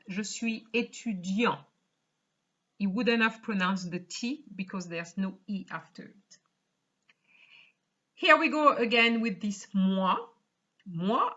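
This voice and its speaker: A woman's voice: medium pitch, pushed and bright. A woman teaching a beginner French lesson in English. She reads short French dialogue lines, then explains them patiently and often checks in with the learner. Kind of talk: slow explanatory language lesson. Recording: slightly dull lo-fi sound.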